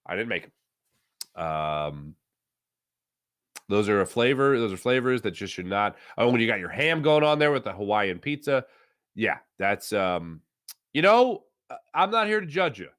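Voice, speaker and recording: A man's voice: lowish voice, sing-song, moderate pace, long pauses, a bit bright. A man hosting a casual live sports chat, reading viewer comments and ranting playfully with lots of ums and uhs. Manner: playful, opinionated rants with frequent fillers.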